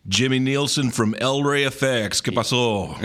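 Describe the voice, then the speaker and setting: A man's voice: mid-range voice, normal speed, fairly bright tone. A man in his forties with a Southern Californian accent, telling stories as a podcast guest in an easygoing way, mixing in Spanish slang. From Mexico, raised in Southern California. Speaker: guest, pedal builder. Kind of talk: casual podcast chat.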